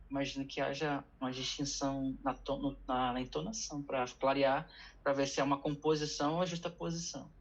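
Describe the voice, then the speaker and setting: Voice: fairly even intonation, fast talker. A student in an online class, explaining hesitantly and restarting words. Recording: muffled low-fidelity call audio.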